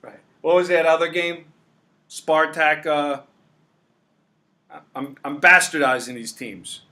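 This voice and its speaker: A brash man runs a sports betting show, pushing his points hard. His voice sits a little high and sounds bright and forceful. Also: fairly even intonation, takes it slowly. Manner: brash, emphatic, salesman-like. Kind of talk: casual sports betting talk.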